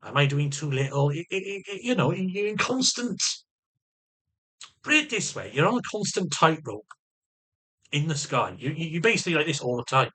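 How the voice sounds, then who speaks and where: A man's voice: fairly high pitch, expressive, normal speed, pauses often, pushed and bright. A man vlogging in an unscripted, rambling, sweary way, repeating himself as he talks through his frustrations. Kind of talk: unscripted personal vlog.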